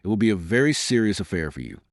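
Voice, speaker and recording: A man's voice: lowish voice, quick pace, no room sound, studio quality. A man voicing a proud imprisoned king. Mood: dignified. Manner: calm, commanding, formal.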